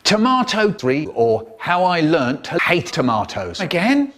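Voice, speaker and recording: A man tells silly stories with a lot of theatre, his voice bouncing up and down. He sits a little high for a man and plays every line for the laugh. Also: wildly swooping pitch, measured pace, a bit bright. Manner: theatrical, playful, acts out characters' voices. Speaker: storyteller. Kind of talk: comic storytelling.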